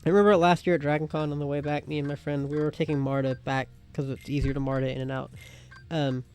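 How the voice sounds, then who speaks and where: A woman's voice: low voice, fast talker, smooth, faint music behind. Rambling, teasing woman guest. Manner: rambling storyteller, deadpan teasing. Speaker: guest co-host. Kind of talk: casual let's-play banter.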